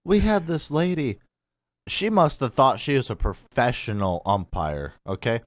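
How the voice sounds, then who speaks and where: A man's voice: mid-range voice, lively intonation, measured pace, no room sound. A young man hosting a radio show, telling a story in casual chat and acting out other people's voices. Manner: laid-back storyteller who acts out other voices. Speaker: radio host.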